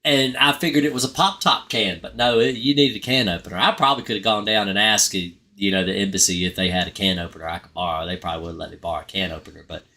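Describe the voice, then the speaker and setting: A man's voice: low voice, fast, hardly any pauses, sharp tone. A middle-aged man hosting a live stream, chatting casually and rambling, often laughing at his own stories. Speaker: pest control channel host.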